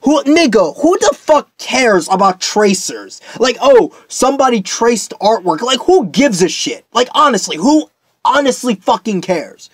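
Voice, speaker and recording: A man's voice: very high voice, sing-song, a little slow, husky, no echo, studio quality. A young man delivering a profane, heated off-the-cuff commentary rant, full of restarts. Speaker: commentary YouTuber.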